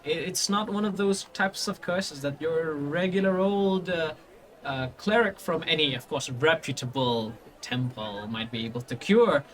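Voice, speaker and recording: A man's voice: on the high side, measured pace, a bit bright. A man narrating a tabletop game as game master, rambling with lots of fillers and restarts.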